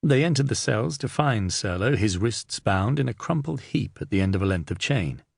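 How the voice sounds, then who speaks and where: A man narrating an audiobook in a steady, measured reading. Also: fairly low pitch, gravelly, dry recording, studio quality. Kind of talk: scripted narration.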